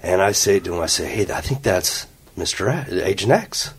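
A man's voice: deep voice, moderate pace, breathy edge. A man from Ohio, a guest telling a story in casual chat in an office conference room, acting out what people said. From Ohio, USA. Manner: animated, acts out quotes.

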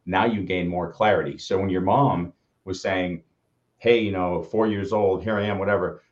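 Deep-voiced man on dull lo-fi audio. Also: steady tone, moderate pace. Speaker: podcast co-host. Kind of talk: casual coaching conversation.

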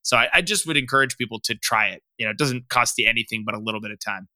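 A man's voice: mid-range voice, very fast, sharp tone, no echo. A young adult man, a startup founder, talking openly on a podcast and padding his sentences with "you know.". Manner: rambling, frequent "you know" fillers; open, candid. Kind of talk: casual podcast interview.

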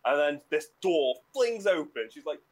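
A man's voice: on the high side, big pitch swings, moderate pace, low-quality recording. A man in casual chat, telling stories sheepishly and laughing along.

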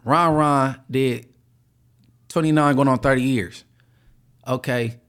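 A man's voice: mid-range voice, fairly even intonation, takes it slowly, a bit bright, clear, resonant tone. A man co-hosting a podcast, chatting casually and jokingly with lots of filler phrases. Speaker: podcast co-host. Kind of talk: casual chat.

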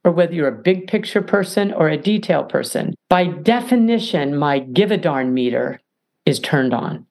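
A woman guest on a podcast talks emphatically, acting out snippets of conversation to make her point. Her voice sits fairly low but swoops widely as she talks. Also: normal speed, vocal fry. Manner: animated, emphatic, acts out little dialogues. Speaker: guest, author and mediator. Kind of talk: podcast interview.

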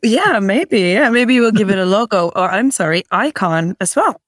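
A woman speaks as a podcast guest, chatty and eager as she explains things. Her voice sits at a middle pitch. The sound is dry and close. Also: animated, moderate pace, dry recording. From Norway. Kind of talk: interview chat.

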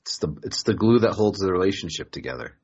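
A man's voice: sits low, expressive, fast talker, breathy edge, highs cut off. Profane, joking man hosting a podcast. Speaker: podcast host. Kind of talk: casual podcast chat.

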